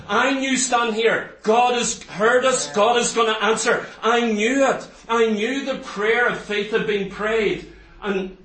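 Male preacher, high voice, fervent sermon, picked up from afar with room echo. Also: measured pace, a bit bright. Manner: fervent, asks rhetorical questions. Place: church hall. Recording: roomy echo, distant mic.

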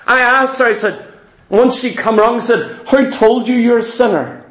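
A man preaching a sermon, telling a story in an animated, repetitive way with dramatic slowdowns. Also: very high voice, echoey room.

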